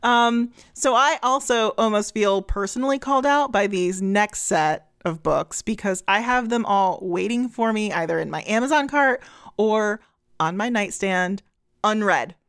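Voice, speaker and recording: A woman co-hosting a podcast, relaxed and casual, reading out listeners' book recommendations. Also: medium pitch, measured pace, clean tone, no room sound, studio quality. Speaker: podcast co-host.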